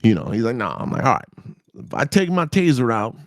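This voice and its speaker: Male podcast host, lively swooping pitch, profane storyteller, dry close sound. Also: a little fast, dry recording. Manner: animated, profane, jumps into high-pitched reactions. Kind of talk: casual storytelling.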